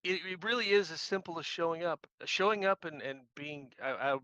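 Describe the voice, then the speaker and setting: A man's voice: fairly high pitch, a little fast, bright, forceful tone, no room sound, rough recording. A man, a guest activist trainer, telling casual self-deprecating anecdotes and repeating phrases for emphasis. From Missouri. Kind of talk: casual storytelling.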